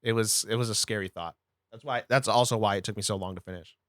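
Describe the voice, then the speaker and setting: A young adult man, a podcast producer, talking about his life in a relaxed, rambling way as a guest. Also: fairly low pitch, fast, no echo, studio quality. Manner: relaxed, rambling, repeats himself. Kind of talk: casual interview chat.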